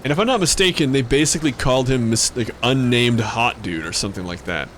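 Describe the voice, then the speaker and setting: A man's voice: medium pitch, lively intonation, quick pace, fairly bright tone, slight background noise. A young man streaming a game, chatting casually with joking, rambling asides and some swearing. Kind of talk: casual gameplay commentary.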